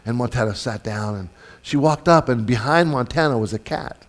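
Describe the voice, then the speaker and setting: A male pastor delivering a sermon in a church, his pitch sitting in an ordinary middle range. He talks in a relaxed, conversational way, telling stories and often restarting his phrases. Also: normal speed. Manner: storytelling, conversational, with frequent fillers and restarts.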